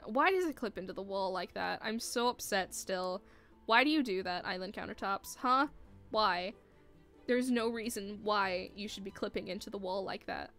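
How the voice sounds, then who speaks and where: Bright, exasperated woman streamer. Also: mid-range voice, moderate pace, faint music behind. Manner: exasperated, scolds the game objects, frequent laughs. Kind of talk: live gameplay commentary.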